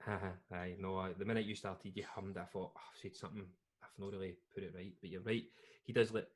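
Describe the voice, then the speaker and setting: Young scottish guy chatting on a podcast, lowish voice, keeps trailing off. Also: flat delivery, fast talker. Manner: rambling, restarts and trails off, laughs often. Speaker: podcast co-host. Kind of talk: casual chat.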